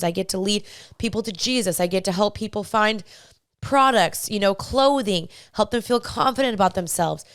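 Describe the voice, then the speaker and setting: A young woman hosts a faith-based advice podcast with a smooth, clear voice. She talks straight to her listeners, chatty and encouraging. The sound is dry and close. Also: medium pitch, dry recording. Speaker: podcast host.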